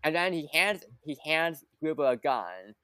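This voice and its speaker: A woman casually recapping a movie plot for a podcast, with lively quoted asides. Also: deep voice, a little slow, clear, resonant tone, no room sound. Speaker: podcast guest.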